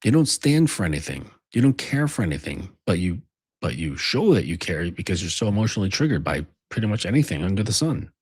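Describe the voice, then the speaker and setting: A man's voice: low voice, sing-song, fairly quick, a little mellow, breathy edge, no echo, studio quality. A man delivering a rambling, profane monologue as a men's coach. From United States. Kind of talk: casual monologue.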